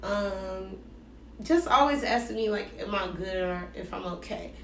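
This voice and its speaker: A woman telling a dating story in a casual, slangy, animated way, acting out both sides of the conversations. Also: mid-range voice, measured pace, creaky, distant mic, slight background noise. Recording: roomy echo, voice set back from the mic.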